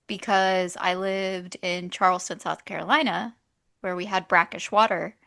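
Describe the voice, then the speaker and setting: A woman's voice: lowish voice, fairly even intonation, normal speed, vocal fry, pushed and bright, no echo, clean studio sound. A woman co-hosting a podcast in casual chat, chiming in with questions and asides. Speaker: podcast co-host.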